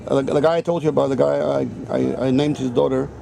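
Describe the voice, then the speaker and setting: A man's voice: mid-range voice, fairly even intonation, fast talker, vocal fry, warm tone, slight background noise. A man telling a rambling anecdote in a casual vlog, swearing constantly. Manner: rambling, profane, heavy swearing. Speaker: vlogger. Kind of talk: casual storytelling rant.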